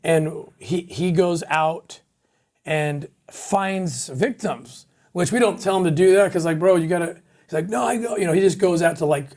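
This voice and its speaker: A man who leads an anti-trafficking group, telling a story in an interview in an animated way with many quick restarts. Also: fairly high pitch. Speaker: anti-trafficking organization leader.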